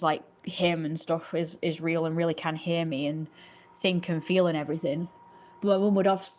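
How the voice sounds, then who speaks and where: A young woman chats on her livestream in a loose, rambling way. Her voice sits a little low. She fills her sentences with fillers and often restarts them. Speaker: livestream host. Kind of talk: casual livestream chat.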